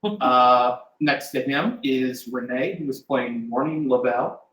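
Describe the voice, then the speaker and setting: A man running a tabletop game, recapping the last session in a loose, rambling way with many hesitations and little chuckles. His voice sits at an ordinary middle pitch. The sound carries a roomy echo from the shared space around the table. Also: measured pace, fairly bright tone. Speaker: game master. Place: shared room with players at a live-streamed table. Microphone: desk mic with in-ear monitor.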